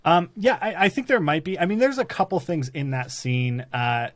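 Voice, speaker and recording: A man's voice: a little high, expressive, normal speed, no room sound. A man hosting a podcast, breaking down a TV show in a casual, rambling way with lots of restarts. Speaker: podcast host. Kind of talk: casual chat.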